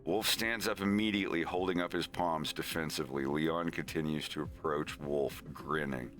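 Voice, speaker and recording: A man's voice: a bass voice, fairly even intonation, moderate pace, fairly bright tone. A man streaming, casually retelling a story with lots of restarts and fillers. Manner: rambling, many restarts and fillers.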